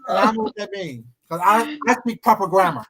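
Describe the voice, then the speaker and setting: A co-host in casual gossip chat, often stumbling on repeated words and drawing some words out slowly. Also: mid-range voice, animated, crowd noise. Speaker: livestream co-host.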